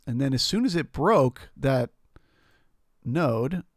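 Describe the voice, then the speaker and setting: A man's voice: medium pitch, animated, slow, no echo. Man explaining market charts, dry sound. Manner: explanatory, talks through charts with restarts. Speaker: trading stream host. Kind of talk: live market commentary.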